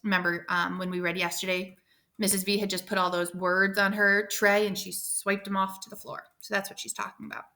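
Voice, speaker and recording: A woman teacher speaks to her fifth grade class, encouraging and instructive as she sets up a read-aloud. Her voice is bright and clear, and she often speeds into quick asides. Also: mid-range voice, little pitch movement. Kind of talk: reading a novel aloud to a class.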